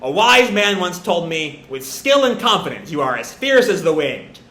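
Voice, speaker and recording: A quiet young she-wolf answers in short, flat lines, as a man puts her on. Her voice is lower than the reader's own and sounds bright. The recording has a roomy echo. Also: normal speed, full character voice. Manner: terse, quiet.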